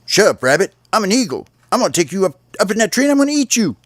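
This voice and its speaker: A man doing a cocky little male bird who insists he's a mighty bald eagle, bragging in a voice pitched well above his own. It is a bedtime storybook voice, recorded dry and close. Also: big pitch swings, rapid-fire, fairly bright tone, no room sound.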